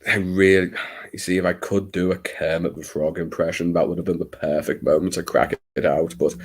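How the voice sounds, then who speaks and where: Deep-voiced wry man from Liverpool. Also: steady tone, brisk, slightly rough. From Liverpool, England. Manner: wry, theatrical, self-mocking, swears casually. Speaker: live stream host. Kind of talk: late-night live stream chat with viewers.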